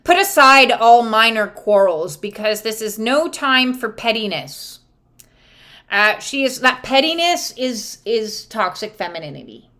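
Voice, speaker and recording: A woman's voice: medium pitch, pushed and bright. A woman giving a live spiritual card reading to viewers, casual and emphatic, swearing freely. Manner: acts out quoted voices. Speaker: oracle and tarot card reader.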